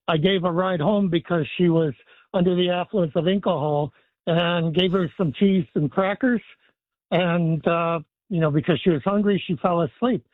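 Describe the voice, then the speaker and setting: A man calling in to a radio show, joking and halting with many fillers, heard over a tinny phone line. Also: high-pitched, dry recording. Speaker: caller.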